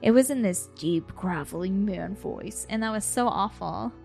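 A woman podcast host telling a story casually over a video call, animated, laughing and swearing as she goes. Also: medium pitch, normal speed, gravelly, soft background music.

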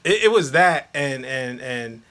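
Bright-voiced man chatting animatedly. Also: medium pitch, a little slow. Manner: animated, laughing, stumbling restarts. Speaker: podcast guest, media journalist. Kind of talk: casual chat.

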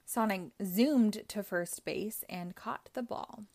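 A woman reads a children's chapter book aloud at an unhurried pace. Her voice sits at a middle pitch, and she speaks each sentence clearly for young listeners. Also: darkish tone. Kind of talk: read-aloud storybook narration.

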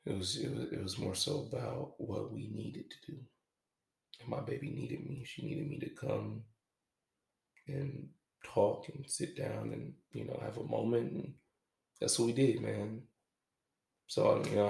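Very gravelly man, roomy echo. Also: fairly low pitch, a little mellow. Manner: halting, reflective, casual with swearing. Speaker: podcast host. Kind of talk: confessional podcast monologue. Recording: echoey room.

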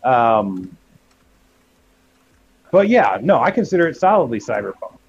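A man chats eagerly on a podcast, pressing his points with emphasis. His voice sits in a middle pitch, and the lo-fi recording sounds somewhat dull. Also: big pitch swings, unhurried, gravelly, slightly rough. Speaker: podcast co-host. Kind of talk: casual chat. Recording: dull lo-fi mic.

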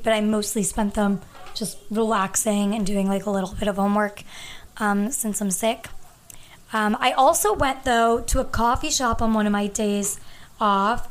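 Woman, 20s, podcast host, hoarse from a cold, chatty filler-heavy delivery, a touch high. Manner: chatty and rambling, lots of ums and likes. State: hoarse, losing her voice. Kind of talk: casual podcast chat. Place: at her family home. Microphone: podcast microphone.

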